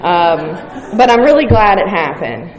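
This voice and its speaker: Her voice fairly low and sing-song, a woman from West Virginia unhurriedly tells her recovery story, candid, profane, and self-mocking. Some chatter sits behind her in the roomy hall.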